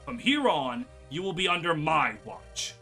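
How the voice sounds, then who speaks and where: A cold inquisition knight barks formal orders, voiced by a man. The voice is bright and sharp, and its pitch swings widely from line to line. Faint music plays underneath. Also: very animated, measured pace, heavily acted. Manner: formal, commanding.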